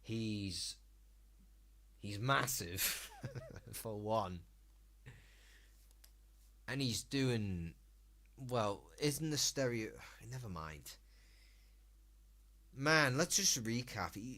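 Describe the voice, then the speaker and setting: A man's voice: medium pitch, fairly bright tone. A British man streaming live, ranting and swearing as he reacts to a video.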